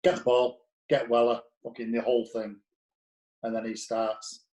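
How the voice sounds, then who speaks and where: A man of ordinary middle pitch, a former footballer, spins anecdotes in a blunt, profane manner. He acts out the dialogue of the people in his stories as he goes. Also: flat delivery, moderate pace, darkish tone, poor audio. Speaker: former footballer, podcast guest. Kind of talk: casual anecdotal storytelling.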